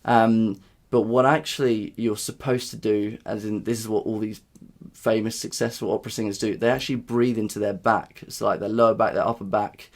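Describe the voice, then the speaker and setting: A man's voice: on the low side, fairly even intonation, fairly quick. A young man talking casually to camera in a vlog, rambling with lots of fillers and restarts. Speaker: vlogger.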